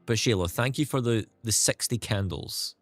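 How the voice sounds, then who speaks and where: A man's voice: medium pitch, moderate pace, faint music behind. A young Scottish man streaming, talking candidly and rambling, with frequent restarts and the odd swear word. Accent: Scottish, softened. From Scotland. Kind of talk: casual livestream chat.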